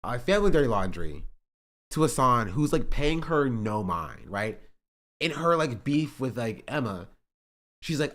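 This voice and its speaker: A man's voice: mid-range voice, very animated, measured pace, fairly bright tone. A male streamer in casual chat, reacting to online drama in a rambling, exasperated way with many filler words.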